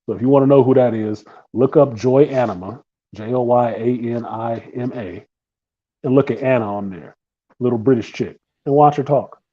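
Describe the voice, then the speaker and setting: A man's voice: medium pitch, normal speed, slightly rough, highs cut off. A man co-hosting a live talk stream, telling crude, laughing stories in casual banter. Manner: crude, laughing, animated storytelling. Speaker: podcast co-host.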